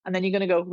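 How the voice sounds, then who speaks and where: A woman voice coach, chatting as a podcast guest and explaining vocal exercises in a demonstrative, unhurried way. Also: lowish voice, darkish tone, no echo, muffled recording.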